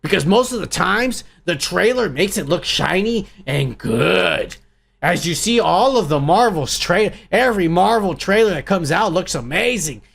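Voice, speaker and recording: A man with a gravelly, crackling voice tears into a film trailer, crude and heated, swearing at every turn. His voice sits high for a man. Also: lively intonation, a little slow, a bit bright. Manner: angry, crude, swears constantly. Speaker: podcast host. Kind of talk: profane ranting movie review.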